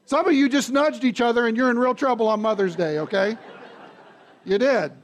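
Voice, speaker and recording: A man preaching a sermon to his congregation, conversational and animated, often asking the audience questions. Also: extremely high pitch, moderate pace. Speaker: pastor. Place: church sanctuary.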